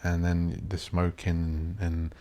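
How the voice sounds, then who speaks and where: A man with a very low voice, hosting his own podcast alone. He rambles and thinks out loud in a blunt, sweary, offhand way. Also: monotone, takes it slowly. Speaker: podcast host. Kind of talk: rambling solo podcast monologue.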